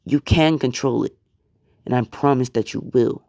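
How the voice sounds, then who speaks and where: A man's voice: mid-range voice, normal speed, gravelly, darkish tone, no echo, clean studio sound, natural voice. A man doing an earnest encouraging boy. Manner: earnest, reassuring.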